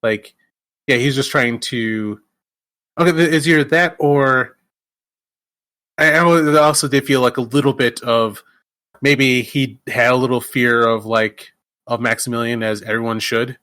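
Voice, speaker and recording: Halting man swearing casually on a podcast. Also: mid-range voice, steady tone, bright, forceful tone, no echo. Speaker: podcast co-host. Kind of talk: casual movie discussion.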